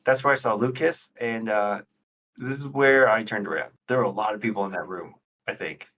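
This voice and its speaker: A man's voice: lowish voice, a little fast, a bit bright. A man playing a tabletop role-playing game, speaking with dry, wry humor. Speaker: player. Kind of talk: casual tabletop game play.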